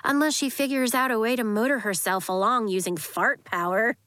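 A woman's voice: a little high, normal speed, pushed and bright, no echo. Woman reading a wry, joking schoolgirl.

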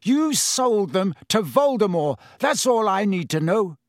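A man voicing an enraged teenage boy wizard who shouts with a shaking voice. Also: sits high, lively intonation, takes it slowly, no room sound, clean studio sound, voice pushed up. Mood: furious, shaking.

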